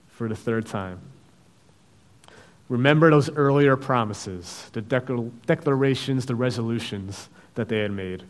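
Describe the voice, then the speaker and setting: A man preaching a sermon, reading scripture and acting out the characters' lines with sudden loud outbursts. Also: mid-range voice, a little slow. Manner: acts out biblical voices, dramatic swings in loudness.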